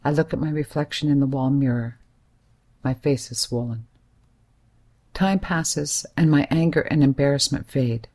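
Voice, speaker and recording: A woman's voice: very deep voice, normal speed, mellow. A woman reading a first-person story aloud in a plain, inward, present-tense manner. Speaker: narrator. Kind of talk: first-person audiobook narration.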